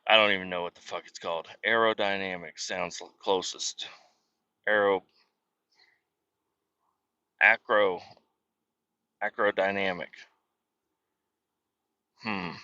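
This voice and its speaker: A man's voice: low voice, steady tone, slow pace, long pauses, pushed and bright, no echo, lo-fi sound. A man hosting a casual podcast, rambling through family stories in a profane, self-deprecating way while on the road. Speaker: podcast host. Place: car.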